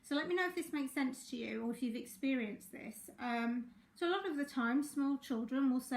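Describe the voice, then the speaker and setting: Speaking at normal speed with hardly any pauses, a high-voiced life coach leads a live-streamed session, her throat sore and her voice croaky. Her talk is relaxed and chatty, packed with fillers, and the room around her is echoey.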